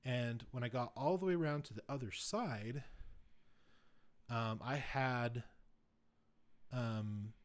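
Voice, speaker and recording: A man's voice: mid-range voice, takes it slowly, pauses often. A man hosting a podcast, telling a long casual story full of fillers and restarts. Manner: rambling, filler-heavy, grows louder and excited retelling events. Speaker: podcast host.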